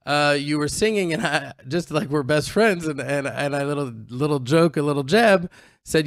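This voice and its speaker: A man's voice: on the high side, normal speed, dry recording, clean studio sound. A man co-hosting a casual chat, teasing and joking with his friend. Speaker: co-host. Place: outdoors on a farm in the mountains.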